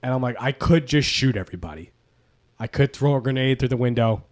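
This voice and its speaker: A man's voice: mid-range voice, expressive, a little fast. Man making dry quips on a podcast. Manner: dry quips, chimes in with jokes. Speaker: podcast co-host. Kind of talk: casual chat.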